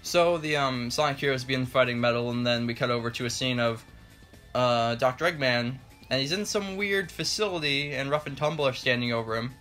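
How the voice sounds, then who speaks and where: A man's voice: medium pitch, a little fast, pushed and bright, faint music behind. A man giving a casual, joking spoken review, loosely paraphrasing what happens with lots of "like". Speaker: comic book reviewer.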